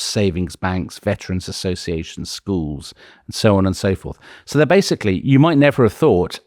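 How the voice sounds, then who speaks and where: Deep-voiced man telling history. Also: no room sound, studio quality. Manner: lively, animated storytelling. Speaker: podcast co-host. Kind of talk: conversational history storytelling.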